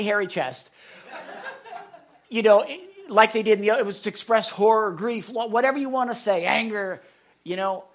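Excitable preacher swinging loud and hushed. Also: medium pitch. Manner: animated, swinging between loud exhortation and hushed soft lines; excitable, with restarts and self-corrections. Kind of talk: sermon.

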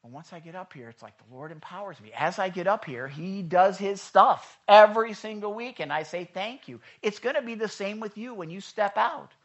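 Animated pastor preaching to a congregation. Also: medium pitch, normal speed, hardly any pauses, dull audio. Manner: animated, acts out the people in the stories; chatty, asks the room questions. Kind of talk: sermon. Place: church in front of a congregation.

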